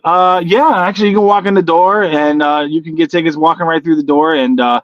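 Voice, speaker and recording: A man's voice: a little high, steady tone, brisk, no room sound, lo-fi sound. A man who is a stand-up comedian, chatting as a guest in a laid-back way, laughing often and agreeing with "yeah". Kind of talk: casual chat.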